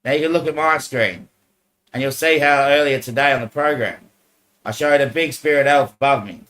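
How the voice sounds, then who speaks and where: A man's voice: medium pitch, moderate pace, fairly bright tone, poor audio. A man speaking to viewers into a handheld microphone in a disjointed, rambling monologue. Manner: disjointed, loosely connected talk.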